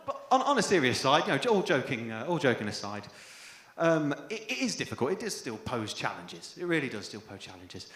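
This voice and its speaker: A young English man doing a stand-up comedy set on stage, dry and self-deprecating, with sudden loud outbursts. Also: on the high side. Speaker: first-time stand-up comedian. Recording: echoey live venue with faint room noise.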